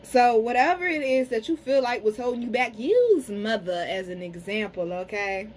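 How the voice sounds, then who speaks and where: A woman giving a casual card reading to camera, talking frankly to her viewers, cursing freely and slowing down to say some words carefully. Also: a little high, animated, a little hiss or hum, poor audio. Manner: frank, chatty, curses freely, addresses viewers as y'all. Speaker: tarot and spiritual reader.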